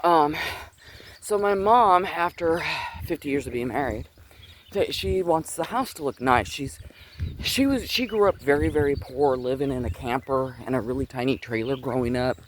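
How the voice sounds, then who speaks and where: A man's voice: mid-range voice, normal speed, a little hiss or hum. A middle-aged man, a little out of breath, walking outside and rambling earnestly through a personal faith story, with many restarts. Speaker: faith vlogger. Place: outdoors, walking on a chilly day. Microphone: Bluetooth earpiece.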